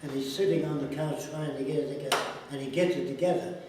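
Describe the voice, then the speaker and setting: A man's voice: on the high side, fairly even intonation, fast, noisy background. A man explaining ideas through anecdotes, acting out the voices of the people in his stories. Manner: storytelling, acts out quoted dialogue. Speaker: interviewee. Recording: echoey room, distant mic, faint ambience.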